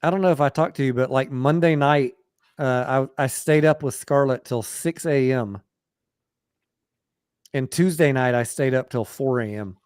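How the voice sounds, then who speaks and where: A man's voice: mid-range voice, normal speed, a little mellow, smooth, dry recording, studio quality. A man hosting a casual late-night live stream about stocks, talking bluntly and swearing offhandedly. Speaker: stock talk show host.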